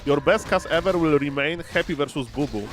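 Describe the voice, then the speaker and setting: This young streamer and esports caster has a fairly high-pitched voice and talks in an animated, brisk manner. He casually commentates a strategy game live, joking around, exclaiming, and reading viewer messages out loud.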